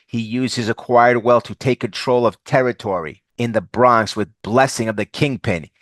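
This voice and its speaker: A man narrating a comic book summary in a steady, scripted way. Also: medium pitch, normal speed, no room sound. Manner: steady plot recounting.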